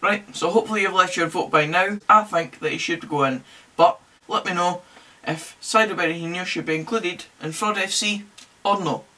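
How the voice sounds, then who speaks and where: A man's voice: high voice, moderate pace, hardly any pauses, pushed and bright, distant mic. A young man hosting a casual football podcast, chatty and jokey with wry asides. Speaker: podcast host. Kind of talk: casual solo football commentary.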